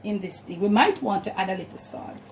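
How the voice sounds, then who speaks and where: A woman with a Jamaican accent hosts a cooking channel, chatting and giving instructive steps as she cooks in her home kitchen, often repeating "and all of that." Her medium-pitched voice has lively intonation, runs a little fast, and sounds a little mellow. The audio is poor, with a little hiss or hum.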